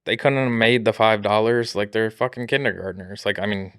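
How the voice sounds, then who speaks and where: A man's voice: lowish voice, steady tone, a little fast, fairly bright tone, clear, resonant tone, no room sound, clean studio sound. A man co-hosting a podcast, easygoing, chiming in with short agreements, laughs and his own asides. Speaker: podcast co-host. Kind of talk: casual chat.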